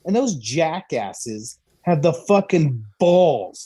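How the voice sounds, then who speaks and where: A man's voice: on the high side, very animated, a little slow, darkish tone. A man co-hosting a podcast who rants with heavy swearing in an exasperated comedic style. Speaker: podcast co-host. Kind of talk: profane comedic rant.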